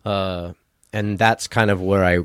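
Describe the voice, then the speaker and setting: A man with a fairly low voice chats as a guest on a podcast. He tells rambling, self-amused stories in a loose, conversational way. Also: fairly even intonation, unhurried, a bit bright, clean tone, no room sound, clean studio sound. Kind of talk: casual chat.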